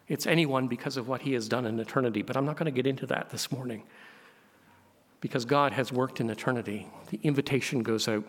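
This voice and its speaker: A man preaching a sermon as pastor, asking the congregation questions and swelling to loud, emphatic peaks. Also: medium pitch. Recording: long hall reverb.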